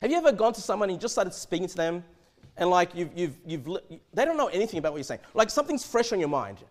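Man, high voice, swooping lively pitch, preaching sermon, repeats words. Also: fast talker. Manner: animated, repeats and restarts words. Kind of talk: expository sermon.

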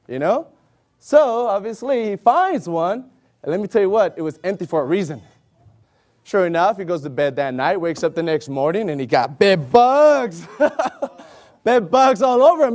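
Animated, high-pitched preaching man. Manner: exclamatory, acting out voices of others. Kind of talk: animated sermon with acted-out scenes.

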